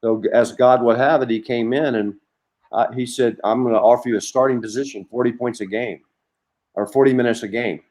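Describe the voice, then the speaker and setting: A man's voice: medium pitch, a little fast. A middle-aged man, a former college basketball coach, telling long anecdotes as a podcast guest with lots of restarts. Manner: rambling, animated anecdotes with many restarts. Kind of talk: storytelling in a conversation.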